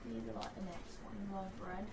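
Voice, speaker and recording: A woman chatting casually about books she has read and reading their back-cover blurbs aloud, with lots of "like" fillers and soft asides. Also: medium pitch, animated, normal speed, background noise. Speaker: book vlogger.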